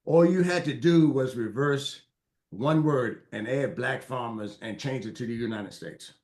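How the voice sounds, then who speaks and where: A man's voice: medium pitch, unhurried, darkish tone. A man who is a guest on a radio interview, speaking emphatically with repeated phrases and some stammering. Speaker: guest, farmer advocate.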